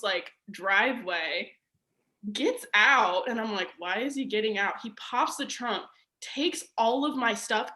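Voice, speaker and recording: A young woman recounting a personal story as a podcast guest. Her voice is bright and a touch high. She talks in a loose, chatty way, filling her sentences with "like". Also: echoey room. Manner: chatty, fills speech with "like". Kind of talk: casual storytelling.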